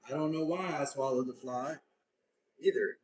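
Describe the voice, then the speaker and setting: A man's voice: mid-range voice, normal speed, a little hiss or hum, poor audio. A man hosting a casual livestream outdoors, chatting easily and joking while he stitches leather. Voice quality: ginger, sweaty from working outdoors. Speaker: livestream host. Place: outdoors, warm day.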